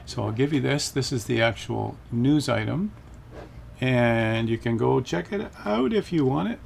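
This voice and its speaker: A man's voice: medium pitch, animated, unhurried, gravelly, slight background noise. A man hosting a casual flight-sim live stream, upbeat and greeting viewers by name.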